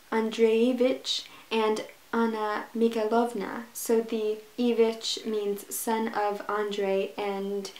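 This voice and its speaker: A woman's voice: mid-range voice, a little mellow, reverberant, poor audio. A woman talking casually and enthusiastically about a book she is starting, gushing with restarts and fillers. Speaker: book vlogger. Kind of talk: casual reading vlog.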